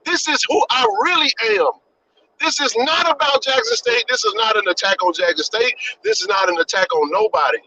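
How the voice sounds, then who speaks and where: A man hosting a podcast live stream, his voice pushed very high and sharp-edged as he rants with a preacher's repetition and plenty of swearing. The audio is dull and lo-fi, with faint background noise. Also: sing-song, a little fast, dry recording. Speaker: podcast host. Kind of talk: impassioned live-stream rant.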